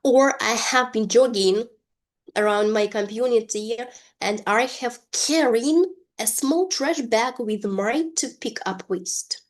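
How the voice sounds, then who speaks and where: A woman teaching an English lesson, reading example sentences slowly and deliberately. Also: fairly high pitch.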